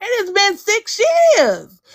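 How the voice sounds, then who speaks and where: A woman hosting a livestream gives emotional commentary in a blunt, impassioned, profane way. Her voice is very high-pitched and swoops wildly in pitch, and she speaks slowly.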